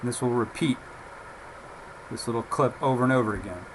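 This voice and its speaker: A man giving a casual, relaxed software demonstration, talking haltingly with frequent fillers. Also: medium pitch, very noisy. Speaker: software reviewer. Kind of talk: casual screen-recorded software demo.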